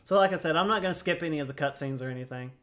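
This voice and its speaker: A man's voice: fairly high pitch, racing, a bit bright. A man casually commenting while playing a video game, jokey and playful, laughing often. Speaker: let's-play host.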